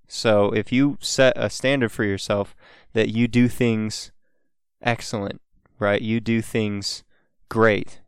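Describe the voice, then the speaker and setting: A man's voice: fairly low pitch, clean tone, no echo, studio quality. Man reasoning through rhetorical questions. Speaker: podcast co-host. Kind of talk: casual podcast conversation.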